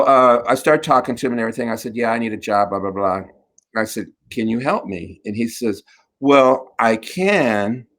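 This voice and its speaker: Host, male, middle-aged, campy raconteur with a chatty storytelling delivery. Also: fairly low pitch. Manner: campy, laughing, animated storyteller. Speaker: talk show host. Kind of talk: casual storytelling chat.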